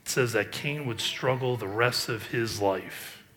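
A middle-aged male pastor delivers a sermon at an unhurried pace and medium pitch. He reads scripture aloud and comments on it, moving between emphatic rises and quiet asides.

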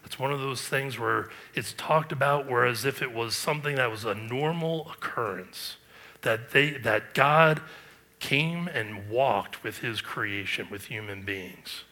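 Bright-voiced man preaching. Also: medium pitch, a little slow. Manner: earnest, emphatic preaching with rhetorical questions. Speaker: pastor. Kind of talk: sermon.

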